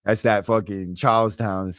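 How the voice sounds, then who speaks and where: A man's voice: mid-range voice, no room sound. A young Boston man talks straight into a close, dry podcast mic, brash and loose. He swears freely and throws in streetwise slang as he answers his viewers. His voice sits in an ordinary middle range. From Massachusetts. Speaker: livestream podcast host. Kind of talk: casual livestream chat reading comments.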